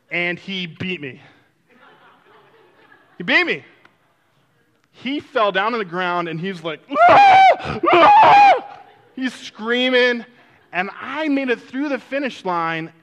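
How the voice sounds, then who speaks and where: A man telling a personal story in a sermon-like way, acting out quotes and then turning soft and reflective. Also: high voice. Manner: animated, acts out quotes, drops to a soft reflective tone.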